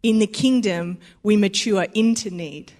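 A young Australian woman preaches a sermon in a chatty, conversational manner, voicing little quotes and laughing easily. Her voice is medium in pitch and darkish in tone, and she speaks a little slowly.

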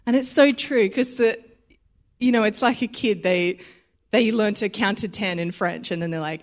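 A woman's voice: a little high, moderate pace. A young Australian woman giving a sermon in a chatty, conversational way, acting out little quoted voices and laughing easily. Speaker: preacher.

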